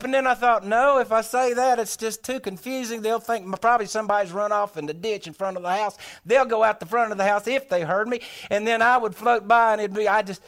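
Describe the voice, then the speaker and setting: A man telling a humorous tall tale in a folksy, animated way, acting out his own thoughts aloud. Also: high voice, a little fast, few pauses. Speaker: storyteller.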